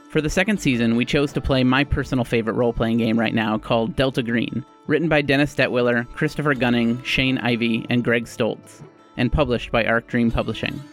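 Guy hosting a tabletop rpg podcast, earnest, steady scripted storytelling, average pitch, soft music behind. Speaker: host and game master. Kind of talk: podcast intro, then scripted story narration.

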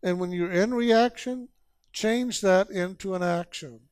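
A man with a fairly high voice delivers a spiritual sermon at a slow, deliberate pace. He urges his listeners with repeated phrases and rhetorical questions. The sound is dry and close. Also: darkish tone, smooth, no echo. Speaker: spiritual teacher.

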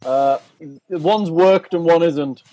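A man's voice: a little high, slow, dark tone, a little hiss or hum, rough recording. A man running a tabletop game over a video call, reading out rules methodically and teasing his players dryly. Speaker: game master. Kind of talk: casual chat, reading rules aloud.

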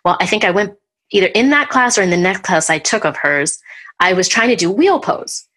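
A woman hosting a podcast, chatting casually and telling a personal story with lively, acted-out retellings. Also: mid-range voice, fairly quick. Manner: animated storyteller, acts out what people said. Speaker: podcast host.

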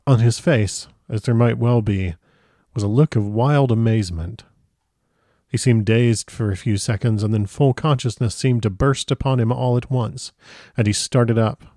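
A man reading a novel aloud in an unhurried, dramatic manner. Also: medium pitch, steady tone, warm tone, no echo, clean studio sound. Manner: unhurried dramatic reading, stumbles and comments aside. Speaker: audiobook reader.

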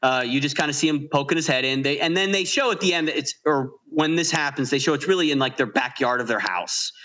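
A man's voice: on the high side, quick pace, sharp tone. A man co-hosting a podcast, animatedly retelling a film's scenes in casual chat and laughing often. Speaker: podcast co-host. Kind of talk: casual movie-review chat.

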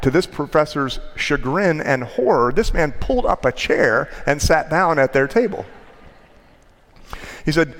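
A male pastor delivering a sermon, telling a story with measured pauses and a storyteller's rhythm. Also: mid-range voice, expressive, fairly bright tone. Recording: long hall reverb.

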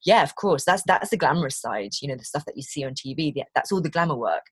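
British voiceover lady chatting away, slightly low and husky, dry close sound. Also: fast, hardly any pauses, dry recording. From Britain. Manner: chatty, animated storytelling with quoted voices. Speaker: voice actor guest. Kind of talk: conversational interview.

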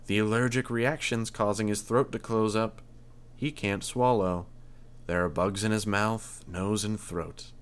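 A man voicing a calm, measured young woman with insect powers in an audiobook reading. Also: on the low side, clear, resonant tone, lightly acted. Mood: cool. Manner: cool, measured.

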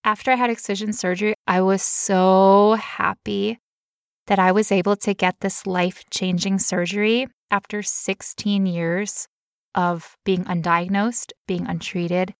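A woman's voice: medium pitch, little pitch movement, unhurried, no echo, clean studio sound. A woman telling a personal story in casual chat, candid and emotional, now and then putting on playful voices.

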